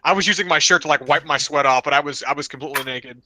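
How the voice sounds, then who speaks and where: A young man on a podcast telling rambling, animated stories, now and then slipping into loud voices for his friends. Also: fairly high pitch, racing, crowd noise. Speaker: podcast co-host. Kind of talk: casual storytelling chat.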